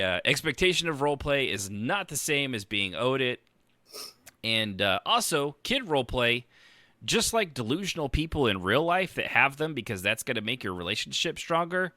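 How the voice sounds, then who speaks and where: Bright, animated, profane podcast host. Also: male voice, medium pitch, no room sound. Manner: joking, profane, blunt. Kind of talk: casual podcast chat.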